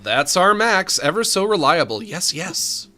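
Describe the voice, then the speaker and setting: A man voicing a polite, businesslike male raccoon shopkeeper with a genteel, smooth salesman manner. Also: high voice, very animated, unhurried, pushed and bright, soft background music, pitched above the performer's own voice, exaggerated voice. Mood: genial.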